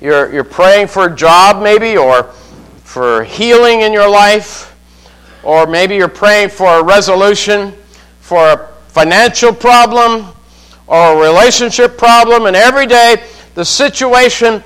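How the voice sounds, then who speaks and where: A man preaching a sermon, slow and measured, often putting questions to his listeners. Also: sits high, fairly bright tone, clean tone, rough recording. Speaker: pastor.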